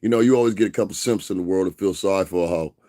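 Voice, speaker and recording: Lowish-voiced man on a profane, rambling rant. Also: mellow. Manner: profane, rambling, drawn-out emphasis with frequent laughs. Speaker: livestream host. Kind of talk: casual livestream rant.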